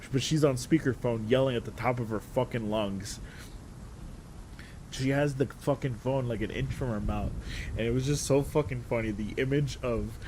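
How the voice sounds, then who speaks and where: A man casually telling a story, animated and profane, often breaking into laughter. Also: medium pitch, a little hiss or hum. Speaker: streamer.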